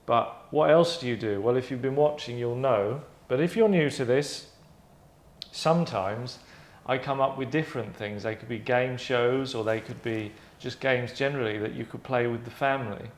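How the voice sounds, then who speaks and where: On his own show, a man casually walks through a game concept of his, meandering with side comments and corrections. His voice is mid-range and his pace moderate, heard in an echoey room.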